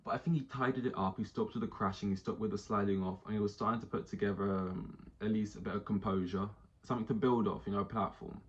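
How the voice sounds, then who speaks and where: Male podcast host, casual animated rant, slightly low voice, dull lo-fi mic. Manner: animated, does mock voices for quotes.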